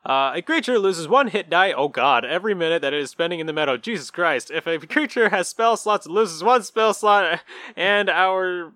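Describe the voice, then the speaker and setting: This man co-hosts a casual tabletop gaming podcast and reads rules out with playful asides. His voice is bright and forceful. It sits a little high and sounds dry and close to the mic. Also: lively intonation, moderate pace, dry recording. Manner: playful, laughing, slips into goofy voices. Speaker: podcast co-host.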